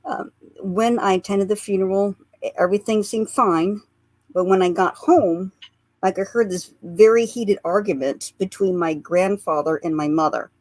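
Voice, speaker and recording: A woman's voice: medium pitch, moderate pace, darkish tone, no room sound. A woman, a guest on a radio interview, earnestly recounting memories in a storytelling manner and laughing through the lighter parts. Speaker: guest, psychic portrait artist.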